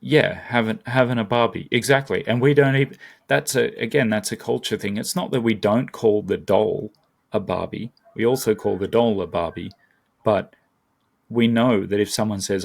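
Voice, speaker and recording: An Australian man chats casually as a guest, often breaking off to restart his thought. His voice is lowish, with vocal fry, at a normal speed.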